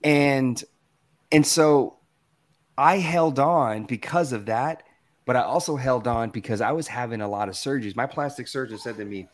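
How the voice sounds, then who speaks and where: Man, from the american south, guest speaker, motivational storytelling, animated, conversational, middle pitch, video call. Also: normal speed. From Southern United States. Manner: animated and conversational, acts out quoted voices.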